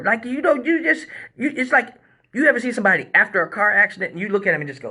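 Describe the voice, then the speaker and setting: A man with a high voice tells a crude story on a live stream. His tone is bright and forceful, and his talk is loose and profane. He acts out the action with sound effects and jumps in pitch. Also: lively intonation, fast, breathy edge. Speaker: male exotic dancer, live-stream host. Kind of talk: comic storytelling, casual chat.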